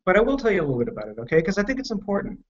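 A man with a fairly high voice tells a personal story in a frank, candid way, using plenty of profanity. He speaks haltingly and with emotion, and the muffled, lo-fi podcast recording dulls his voice. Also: sing-song. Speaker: podcast guest.

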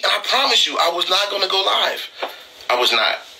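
A man's voice: high-pitched, very animated, moderate pace, gravelly, sharp tone, a little hiss or hum, rough recording. Heated, emphatic man on a live stream. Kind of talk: impassioned live-stream talk.

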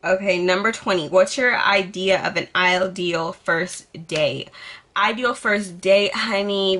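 A woman's voice: medium pitch, measured pace, a bit bright. A young woman vlogging casually, sassy and dramatic, swearing freely as she answers questions about herself. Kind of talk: casual get-to-know-me vlog.

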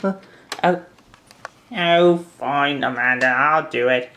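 A woman's voice: very deep voice, slow pace, a bit bright, a little hiss or hum, exaggerated voice. A woman voicing a sheepish male train engine who fumbles with fillers and excuses in a fan-made toy train video. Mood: hesitant. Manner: hesitant, stumbling, full of fillers.

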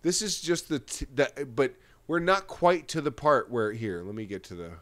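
A man's voice: medium pitch, sing-song, moderate pace, a bit bright. Ranting, profane male podcast host. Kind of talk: casual podcast commentary.

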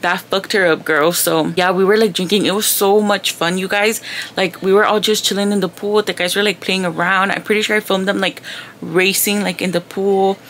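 A woman's voice: mid-range voice, steady tone, normal speed, fairly bright tone, a little hiss or hum. A young woman talking casually to her vlog viewers, chatty and loose, sprinkling in Spanish words. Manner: chatty, says "like" and "girl" a lot, mixes in Spanish words. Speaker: vlogger. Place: at home in her bedroom.

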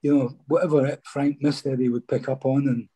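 Middle-aged man, ex-footballer guest, husky and dark, chatty yarn-teller. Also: mid-range voice, level tone, normal speed. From Scotland. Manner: chatty, peppers speech with "mate". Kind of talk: casual interview storytelling.

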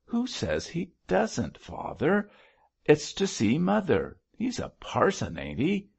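A man voicing a sharp-tongued young barmaid who answers in a snappy, defiant way, in a storybook reading. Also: a little high, wildly swooping pitch, slow pace, creaky, breathy edge, highs cut off, voice pushed up, exaggerated voice.

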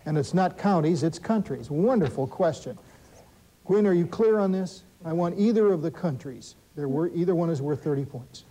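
A man hosting a school quiz show, reading questions briskly and adding wry asides and corrections for the teams. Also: fairly high pitch, lively intonation, warm tone, low-quality recording. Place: television studio.

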